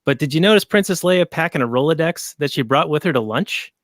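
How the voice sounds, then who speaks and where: A man's voice: on the high side, lively intonation, brisk, dry recording, studio quality. A man hosting a podcast, talking through a movie in an easygoing, thoughtful way. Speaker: podcast host. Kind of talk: casual movie review chat.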